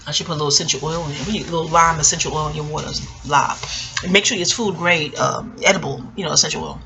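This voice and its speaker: A woman's voice: low voice, racing, gravelly. A woman giving a casual, rambling TV episode review, joking and scattered, with frequent asides and free swearing. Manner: swears freely. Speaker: TV recap vlogger.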